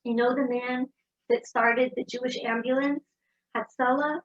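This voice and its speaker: A woman speaks in an inspirational talk, telling stories in a lively way. Her voice sits a little high and has a slight husk to it. The recording sounds dull and lo-fi. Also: measured pace. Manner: storytelling, warm and animated.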